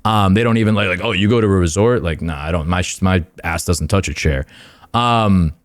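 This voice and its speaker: A man's voice: low-pitched, a little fast. A young man, a podcast guest, telling a rambling story in casual chat, full of fillers and swearing.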